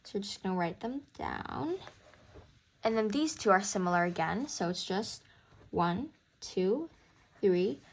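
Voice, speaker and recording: A woman's voice: mid-range voice, lively intonation, measured pace. A young woman tutoring music theory in a casual walkthrough, counting beats aloud and encouraging the student. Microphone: camera mic at a desk.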